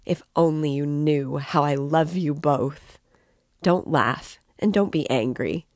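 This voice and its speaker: A woman's voice: low voice, slow, darkish tone, no echo, clean studio sound. A woman reading as a tipsy, gushing young man. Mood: rambling. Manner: impassioned, rambling, emphatic. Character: excitable tipsy young man, effusive student.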